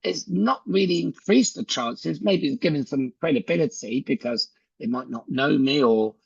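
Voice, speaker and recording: A man with a slightly high, gravelly and husky voice gives a casual sales training talk over a video call. He chats like a storyteller and plays out both sides of conversations. The audio is dry and a little muffled. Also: lively intonation, moderate pace, no echo. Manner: chatty storyteller who acts out dialogue.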